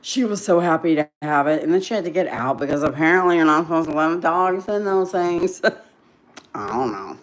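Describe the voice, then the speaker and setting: Woman, middle-aged, chatty, self-mocking, laughs a lot, lowish voice. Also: animated, moderate pace. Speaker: livestream host. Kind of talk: casual livestream chat with viewers.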